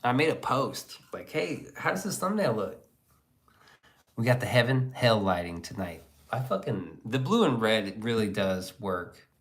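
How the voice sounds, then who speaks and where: A man's voice: fairly low pitch, very animated, unhurried. A man hosting a livestream, chatting casually, reading viewer comments and joking crudely. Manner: crude, joking, rambling banter. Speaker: livestream host.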